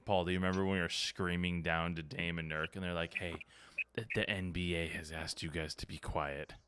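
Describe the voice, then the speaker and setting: A man's voice: low voice, steady tone, a little fast, a bit bright, a little hiss or hum. A man hosting a podcast, telling a story in casual chat, acting out quotes and swearing freely. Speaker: podcast host. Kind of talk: casual chat, animated anecdote.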